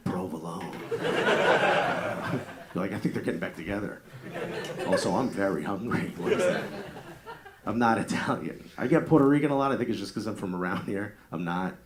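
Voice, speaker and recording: A man's voice: fairly low pitch, animated, normal speed, long pauses. A man with a New York-area accent doing a crude, conversational stand-up set, acting out bits of dialogue. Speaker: stand-up comedian. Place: comedy club stage with live audience. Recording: live club audience laughing. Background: audience laughter.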